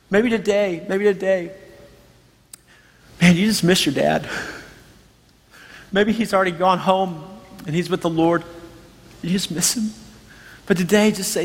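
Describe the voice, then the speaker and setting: Pastor, man in his thirties, higher voice, earnest storyteller, preaching in a reverberant hall. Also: normal speed, long pauses. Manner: earnest storytelling, emphatic repetition. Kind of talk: sermon.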